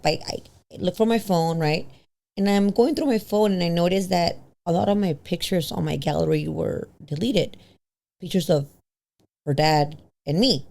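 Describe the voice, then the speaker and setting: A bilingual woman in her thirties, guesting on a podcast, casually recounts a personal story and now and then slips into Spanish. She acts out quoted voices with big pitch jumps, and her tone is a little mellow.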